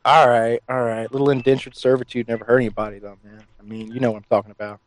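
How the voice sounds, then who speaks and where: A man hosting a show, making a prank phone call in a sly, deadpan, teasing manner. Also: medium pitch, fast.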